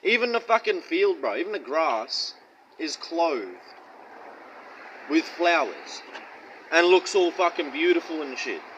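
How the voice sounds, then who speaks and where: A man's voice: fairly high pitch, sing-song, unhurried, long pauses, a bit bright, slight background noise, poor audio. A man giving casual Bible teaching in a blunt, profane, mocking way and rambling slang. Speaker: street-style preacher.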